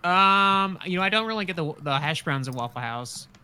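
Bright, crisp-voiced man cracking wry quips. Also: high-pitched, lively intonation, moderate pace, no echo. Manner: hesitant starts, then wry quips. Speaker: podcast co-host. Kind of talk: casual chat.

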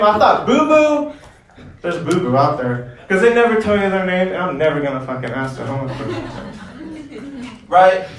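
A man's voice: high voice, reverberant. Profane, rambling male stand-up comic. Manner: profane, rambling, self-deprecating. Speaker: stand-up comedian. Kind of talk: stand-up set and casual recap. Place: comedy club stage.

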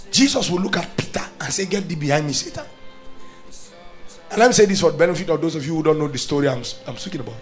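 A man preaching a sermon with a fairly high voice. He swings between loud declarations and hushed, acted-out inner thoughts, with soft music playing faintly behind him. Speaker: pastor.

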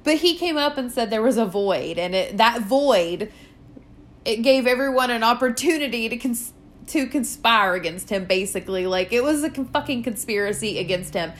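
A woman's voice: on the high side, animated, normal speed. A woman hosting her own podcast, ranting in a casual, profane way with lots of fillers like "like" and "you know". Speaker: podcast host.

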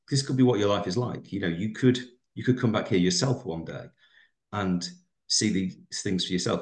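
A man muses aloud at length, full of ums and restarts. His voice sits very low. The room around him rings with echo. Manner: reflective, rambling with fillers. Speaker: podcast co-host and teacher. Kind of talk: casual podcast chat.

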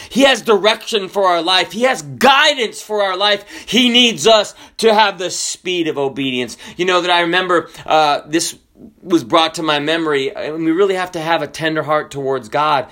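A man in his forties preaching a sermon as a pastor, telling stories in a conversational way with many fillers and swinging between quiet low asides and high excited bursts. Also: moderate pace. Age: 40s. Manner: conversational storytelling with frequent fillers.

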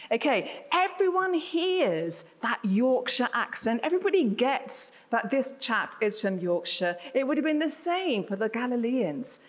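Lively woman preaching in an echoing hall. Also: on the high side. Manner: chatty, self-deprecating asides to the congregation. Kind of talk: sermon. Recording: reverberant hall.

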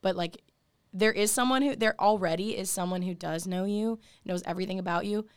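A woman's voice: mid-range voice, fairly quick, smooth, no room sound, clean studio sound. A young woman co-hosting a casual podcast, talking earnestly with lots of "like" fillers. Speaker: podcast co-host. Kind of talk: casual faith podcast chat.

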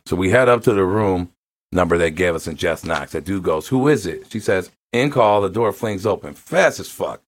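A man hosting a casual show, reading a story aloud with lively, profane delivery and frequent laughter. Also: low-pitched, normal speed. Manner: animated, laughs often, acts out quotes; profane, slangy.

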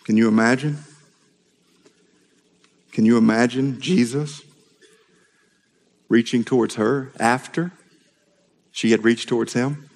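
A man preaching a sermon with passion, dropping to a hush and rising to shouts. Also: mid-range voice, fairly even intonation, slow, long pauses. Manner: impassioned, swings between hushed and shouted. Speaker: pastor. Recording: long hall reverb.

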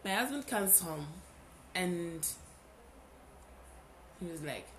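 Slow-talking woman telling a personal story. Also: on the low side, a little hiss or hum. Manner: animated, with emphatic repetitions. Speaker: podcast host.

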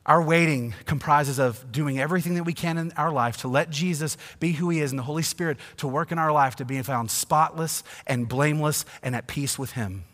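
A man preaching a sermon, swinging from hushed asides to loud, emphatic passages. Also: a little high, fairly quick, few pauses. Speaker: pastor. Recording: long reverb of a church hall.

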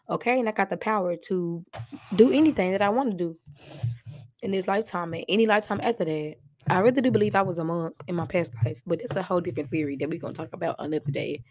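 A woman's voice: lowish voice, darkish tone, dry recording, clean studio sound. A young woman hosting her own podcast, giving heartfelt motivational talk in casual, slang-filled speech. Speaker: podcast host.

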